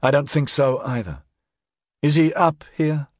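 A man voicing an earnest, determined woman who pleads softly and persuasively, in an audiobook. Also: a little high, measured pace, no echo, clean studio sound, voice pushed up. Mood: pleading. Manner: earnest, persuasive, soft-spoken.

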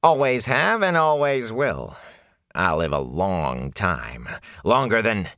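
A man doing a raspy, whining ragged peddler. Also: fairly low pitch, very animated, slow, bright, forceful tone, no echo, clean studio sound, heavily acted. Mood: defiant. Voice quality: raspy, hoarse. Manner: whining, fearful, rambling. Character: ragged frightened male peddler, whiny and jumpy.

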